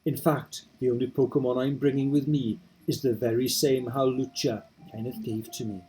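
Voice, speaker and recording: A man reading aloud in his own voice as a determined young game hero, steady and earnest. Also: mid-range voice, normal speed, husky, low-quality recording. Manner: steady, earnest narration of resolve.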